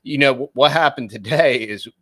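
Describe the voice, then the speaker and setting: A man's voice: medium pitch, normal speed, a crowd in the background. A middle-aged Texan man with a Texan accent co-hosting a podcast in a rambling, folksy way. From Texas. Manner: rambling, folksy, lots of fillers. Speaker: podcast co-host. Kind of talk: casual podcast chat.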